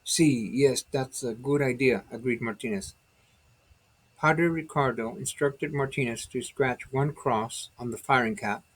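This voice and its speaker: A man narrating his own novel as an audiobook, in steady dramatic storytelling. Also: medium pitch, husky, rough recording.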